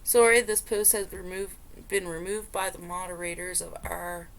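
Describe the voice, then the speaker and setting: A woman's voice: lowish voice, little pitch movement, normal speed. A woman vlogger reading online posts aloud and reacting in disbelief. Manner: incredulous, exasperated reactions. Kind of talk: casual reaction commentary.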